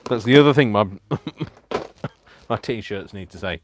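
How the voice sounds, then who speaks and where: A man's voice: mid-range voice, lively intonation, slow, slight background noise. A man hosting a live craft stream, chatty and self-mocking, laughing often as he works. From United Kingdom. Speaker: crafting channel host.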